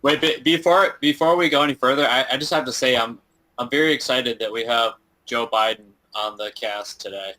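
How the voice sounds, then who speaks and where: A man's voice: mid-range voice, fairly quick, sharp tone, poor audio. A man on a casual live call, talking hesitantly with restarts and fillers. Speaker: participant on a chart analysis call.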